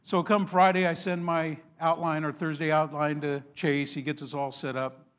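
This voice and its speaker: A man's voice: a little high, flat delivery, moderate pace. Conversational man preaching a sermon. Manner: conversational, warm storytelling with self-deprecating laughs. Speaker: pastor.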